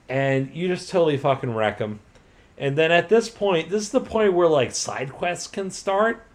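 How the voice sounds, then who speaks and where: A man's voice: on the high side, a little mellow. A drunk man retelling a story in a loose, rambling way, swearing freely and filling every gap with "like". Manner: loose, profane, full of "like" and restarts. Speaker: host retelling a video game plot.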